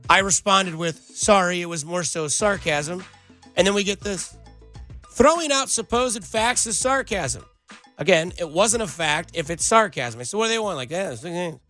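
A man's voice: high voice, moderate pace, pushed and bright, soft background music. A man hosting sports talk radio, sarcastic and ranting as he answers listener texts. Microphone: studio microphone.

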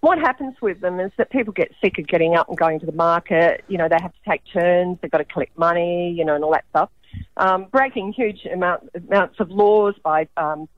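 A woman's voice: lowish voice, brisk, no room sound. Australian woman explaining on a dull phone line. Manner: chatty, explanatory, many ums. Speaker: guest, food co-op founder. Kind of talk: radio interview.

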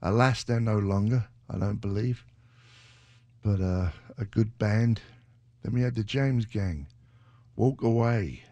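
A man, chatting casually as a radio DJ between songs, rambling and joking. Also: no echo. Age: 60s. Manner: rambling, joking, drops into a sudden high shouting bit. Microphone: studio microphone.

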